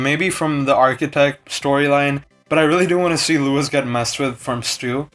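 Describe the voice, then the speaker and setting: A chatty, opinionated young man with a slightly higher voice gives a casual spoken review of a TV episode. He talks freely and slips into short character impressions. Faint music sits underneath. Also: fairly bright tone. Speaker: TV show reviewer.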